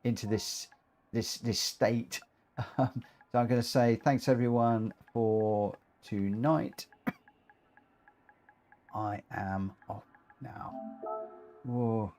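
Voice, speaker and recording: A man hosting a live racing game stream, talking excitedly and rambling, often tripping over his own words. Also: mid-range voice, slow pace, soft background music.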